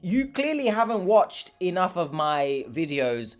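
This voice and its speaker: A man's voice: high-pitched, sing-song, unhurried, soft background music. A young man, a vlogger, chatting casually and sarcastically while eating, rambling and talking with his mouth full.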